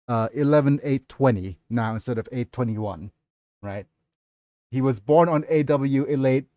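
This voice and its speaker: A man talks casually on a livestream about his novel. He is halting and apologetic and unhurried, with lots of fillers. He sounds dry and close to the mic. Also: medium pitch, dark tone, no room sound.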